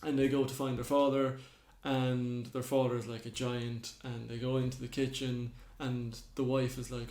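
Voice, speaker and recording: A man's voice: medium pitch, little pitch movement, moderate pace, hardly any pauses, darkish tone. A man, co-hosting a podcast, casually retelling myths and acting out the characters' lines. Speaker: podcast co-host. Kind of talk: casual storytelling chat. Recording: roomy echo.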